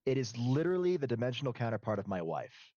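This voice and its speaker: A man's voice: mid-range voice, sing-song, fast, dark tone, dry recording. Man running a tabletop game, dull mic. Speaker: game master. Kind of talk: narrating a tabletop role-play on stream.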